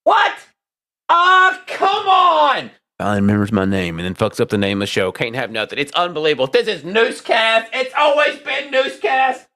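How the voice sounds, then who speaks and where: A man hosting a live-stream podcast, loud and exasperated, swearing and swinging between shouts and low mutters. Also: very animated, moderate pace. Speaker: livestream podcast host.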